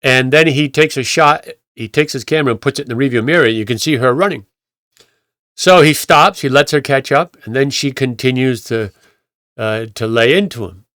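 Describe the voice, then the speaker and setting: A man's voice: mid-range voice, moderate pace, a bit bright, no echo, studio quality. A male pastor telling stories in a rambling, conversational way, with frequent restarts and acted-out quotes. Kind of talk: conversational sermon storytelling.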